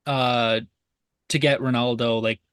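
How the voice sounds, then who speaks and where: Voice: medium pitch, fairly even intonation, measured pace, fairly bright tone, clear, resonant tone, no echo. A player in a tabletop game, asking questions hesitantly with many fillers.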